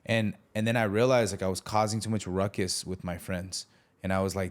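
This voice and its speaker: A man's voice: low voice, fairly even intonation, brisk. A man telling his life story candidly as a podcast guest, using street slang and acting out the voices he quotes.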